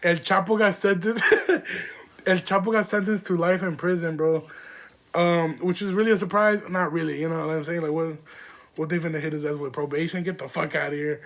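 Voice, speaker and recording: Young man, high-pitched male voice, podcast host, rambling storyteller, slangy, swears a lot, filler-heavy. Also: steady tone, moderate pace, fairly bright tone. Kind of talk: casual storytelling monologue.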